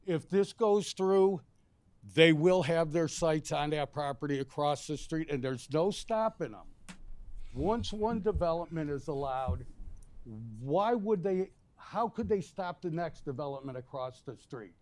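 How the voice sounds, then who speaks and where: A man's voice: on the high side, animated, a little slow, darkish tone, dry recording. A man resident speaking bluntly and indignantly during public comment at a city commission meeting. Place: city council chamber.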